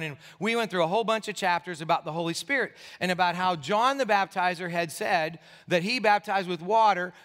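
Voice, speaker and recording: Man, pastor, sleepless and tired, animated storyteller, forceful bright tone, long church reverb. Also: sits high, smooth. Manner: animated, acts out the people in his story. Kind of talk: sermon storytelling. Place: church sanctuary. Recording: echoey church hall.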